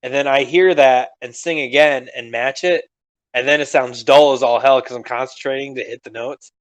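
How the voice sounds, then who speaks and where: On a podcast, a young co-host keeps things loose, drifting between ideas, cursing as he goes and laughing a lot. His voice sits mid-pitch, slightly strained from screaming earlier, and he holds a steady tone at a moderate pace.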